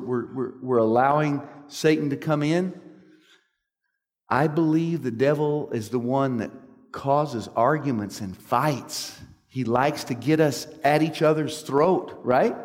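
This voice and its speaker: A man's voice: on the high side, darkish tone, in a large hall. A man giving an earnest preaching talk, often checking in with his listeners with questions. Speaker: speaker at a church meeting.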